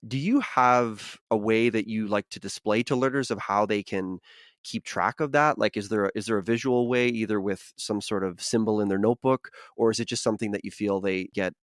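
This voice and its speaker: A man's voice: lowish voice, a little fast, dry recording, studio quality. A man hosting a podcast interview, reflective and hedging, asking a long question. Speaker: podcast host.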